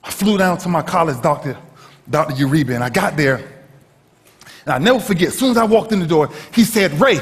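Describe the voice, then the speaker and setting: High-voiced guy giving a big motivational speech, swoops all over the place, shouts then goes quiet, long hall echo. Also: expressive, a little fast. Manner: dramatic storyteller, swinging from shouts to hushed lows. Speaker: motivational speaker. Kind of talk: motivational speech to a live audience. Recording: echoey hall reverb.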